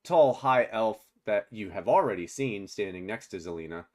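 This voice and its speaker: A man's voice: on the low side, lively intonation, moderate pace, darkish tone. A man narrating as game master of a tabletop game, laughing often and rambling through fillers.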